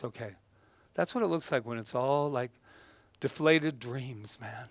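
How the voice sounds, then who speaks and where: A man giving a lively motivational talk with props, playful and laughing often, breaking into sudden exclamations. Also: medium pitch, a little slow, slight background noise.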